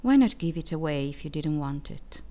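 A woman reading aloud, voicing a grim, stern father in a lower, quieter voice. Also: animated, normal speed. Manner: low, quiet, clipped.

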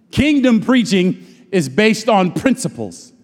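Man preaching, high voice, very lively pitch, long reverb of a church hall. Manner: swings from loud shouting to low murmurs, drawn-out emphatic phrases. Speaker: pastor. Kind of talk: sermon. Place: church sanctuary.

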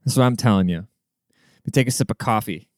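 A man's voice: on the low side, a little fast, darkish tone, no echo, studio quality. A young man hosting a solo podcast, ranting in a brash, profane, swaggering way. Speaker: podcast host.

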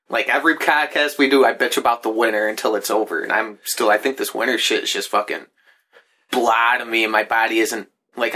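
A man's voice: fairly low pitch, bright, forceful tone, husky. A man co-hosting a podcast in casual chat, rambling with lots of fillers and swearing freely. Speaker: podcast co-host.

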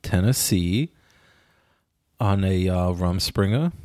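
A man with a low voice and a phlegmy throat, co-hosting a laid-back podcast. He drops dry, joking asides between filler words. The recording is close and dry. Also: animated, slow, darkish tone, no echo. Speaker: podcast co-host. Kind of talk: casual podcast chat.

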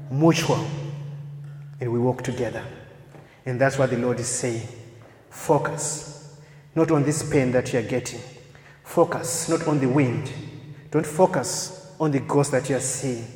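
A man preaches a sermon with insistent repetition, his delivery swelling loud and then falling soft. His voice sits mid-range for a man. The recording carries a roomy echo and a long hall reverb. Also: mid-range voice. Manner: repetitive, emphatic, rising to loud peaks then dropping soft.

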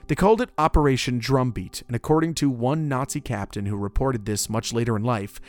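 A man narrating history in a casual, conversational way, with joking asides. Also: mid-range voice.

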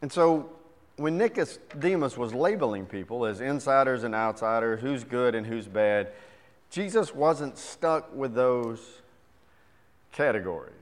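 A middle-aged male pastor preaching a sermon. His voice sits at an ordinary pitch and carries a long reverb, as if heard in a large hall. He moves between lively joke-telling and a quieter teaching tone. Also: measured pace. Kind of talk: sermon with scripture reading and jokes.

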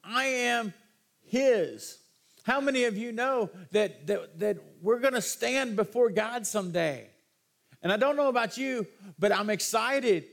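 A man preaching a sermon as pastor, folksy and animated, his voice rising in excited bursts. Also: extremely high pitch, measured pace, vocal fry.

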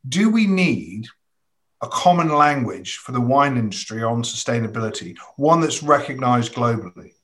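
A man's voice: medium pitch, animated, moderate pace, fairly bright tone. A man interviewing a guest, asking long, thoughtful questions and telling anecdotes in a conversational way.

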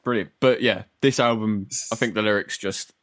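A man hosts a casual music podcast in a lowish voice. He is animated and sweary and tells stories with energy. The sound is dry and close. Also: moderate pace, dry recording. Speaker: podcast host. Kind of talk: casual chat.

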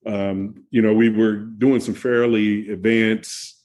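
A man's voice: fairly low pitch, little pitch movement, slow pace, darkish tone. A man telling road-trip stories in casual chat, laughing often and restarting his sentences. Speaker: guest. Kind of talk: casual conversation.

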